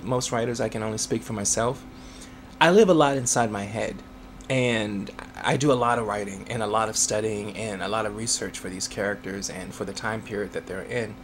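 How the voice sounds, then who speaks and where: A man's voice: medium pitch, vocal fry, a little hiss or hum. A man, an author, answering interview questions in a chatty way, laughing often and using many fillers.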